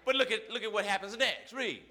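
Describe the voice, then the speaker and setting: A man's voice: high-pitched, brisk, crowd noise. A man preaching a sermon to his church, with rhythmic call-and-response phrases and repeated lines. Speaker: pastor. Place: church service.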